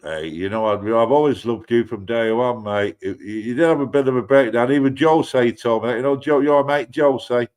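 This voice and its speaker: A man's voice: mid-range voice, moderate pace, few pauses, a little mellow, clean tone. A man with an English accent chatting casually as a livestream guest, rambling and swearing, often laughing. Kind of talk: casual chat.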